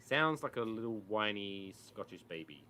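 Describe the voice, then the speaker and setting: A man's voice: lowish voice, animated, moderate pace, bright, forceful tone. A man co-hosting a podcast over a video call, chatting casually about football and mocking the pundits he retells. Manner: rambling, mocking storyteller. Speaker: podcast co-host.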